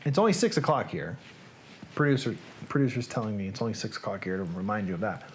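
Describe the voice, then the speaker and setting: A Southern US man hosts a live reading show, his lowish voice fast and animated over background noise. He chats casually, rambling and correcting himself in small ways as he goes.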